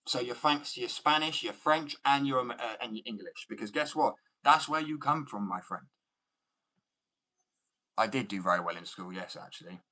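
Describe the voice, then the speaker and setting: A man from Germany fires back at his viewers in a blunt, mocking rant. His voice is bright and forceful, and he pushes each jab hard, cutting in with sharp put-downs and scoffing asides. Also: medium pitch, expressive, normal speed, rough recording. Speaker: skateboard artist streaming. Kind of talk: ranting reply to viewer comments.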